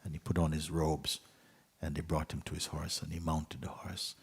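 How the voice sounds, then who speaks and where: A man, a spiritual teacher, telling a story gently at a retreat, with soft, trailing endings. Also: extremely low pitch, little pitch movement, moderate pace, breathy edge, in a large hall. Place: retreat hall.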